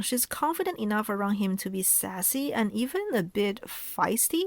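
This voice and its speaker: A woman's voice: mid-range voice, no echo, studio quality. A woman hosting a relationship advice video, narrating from a script in a chatty, playful way with asides.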